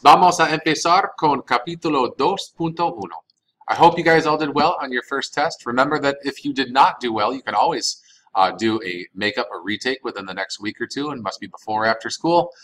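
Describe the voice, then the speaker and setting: A man's voice: mid-range voice, a little fast, fairly bright tone, low-quality recording. A man, recording a Spanish vocabulary lesson as the teacher, patiently saying each word and repeating it for practice.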